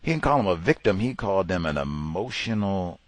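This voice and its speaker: A man's voice: low-pitched, very animated, brisk, dry recording. A man hosting a podcast, delivering emphatic commentary and mimicking the people he quotes. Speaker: podcast host. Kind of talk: commentary monologue.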